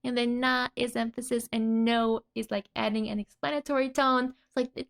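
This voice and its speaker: A woman's voice: fairly high pitch, steady tone, moderate pace, gravelly, few pauses. A woman teaching a casual language lesson, laughing often between her explanations.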